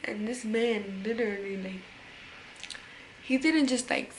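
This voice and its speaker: A woman's voice: mid-range voice, slight background noise, poor audio. Young woman telling a storytime vlog. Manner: casual, slangy, halting with many fillers and restarts. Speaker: vlogger.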